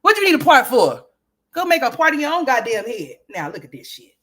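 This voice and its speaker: A woman hosting a gossip livestream, her bright, sharp voice leaping up and down as she trash-talks. She swears freely, laughs often and addresses her viewers directly, in a highish register. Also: very animated, brisk. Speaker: livestream host.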